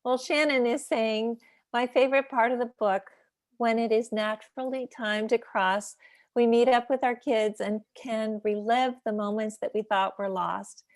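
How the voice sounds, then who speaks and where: A woman's voice: on the high side, steady tone, normal speed, dry recording, studio quality. A woman hosting an online talk, reading audience questions aloud with enthusiasm.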